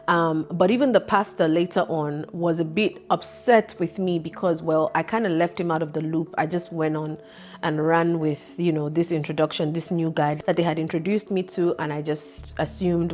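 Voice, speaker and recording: A woman's voice: fairly low pitch, normal speed, soft background music. Chatty woman telling a personal story. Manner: candid, animated, chatty. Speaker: vlog host.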